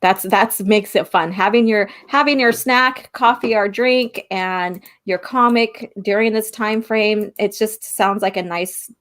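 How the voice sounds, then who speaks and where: A chatty woman hosts a casual morning stream. She talks in an easy, rambling way, full of fillers, and breaks into laughter often. Her pitch sits in a typical middle range for a woman. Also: steady tone, a little slow, few pauses, fairly bright tone. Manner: chatty, laughs often, reads viewer comments. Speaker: host. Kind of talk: casual chat.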